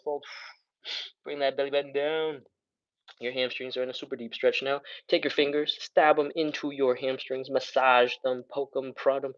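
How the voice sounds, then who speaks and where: A man's voice: mid-range voice, lo-fi sound. Upbeat man coaching a stretch class. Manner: upbeat coaching, counting reps aloud, breathing audibly while stretching. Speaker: stretching instructor. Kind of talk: live workout instruction.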